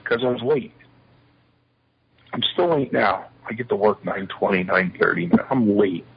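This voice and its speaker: A retired wrestler spins lively anecdotes in a sit-down interview, voicing the back-and-forth of each exchange himself. His voice is very husky, and the recording sounds dull and lo-fi. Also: fairly low pitch, measured pace. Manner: lively anecdotes, acting out quoted dialogue. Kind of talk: shoot interview storytelling.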